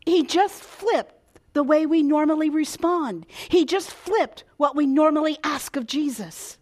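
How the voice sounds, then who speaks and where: A woman's voice: high-pitched, measured pace, darkish tone. A woman preaching a sermon, dramatic, dropping to a whisper and rising for emphasis.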